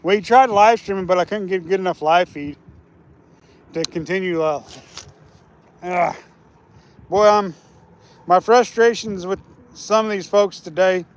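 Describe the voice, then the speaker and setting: High-voiced rambling man streaming outdoors. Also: measured pace, long pauses. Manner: easygoing, rambling, restarts often. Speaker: fishing live streamer. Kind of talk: casual live stream chat. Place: outdoors by a lake.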